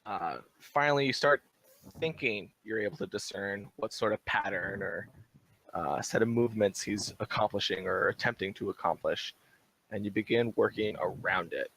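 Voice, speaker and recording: A man's voice: fairly low pitch, normal speed, creaky, fairly bright tone, low-quality recording. A man narrating a tabletop game as dungeon master in a playful way. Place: home room on a live stream.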